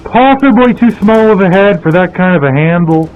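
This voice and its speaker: A man's voice: sits high, expressive, normal speed. A man talking through his work in a workshop, rambling and thinking aloud on a headset mic. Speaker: blacksmith vlogger. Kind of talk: casual workshop commentary. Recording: tinny phone-like sound, faint music.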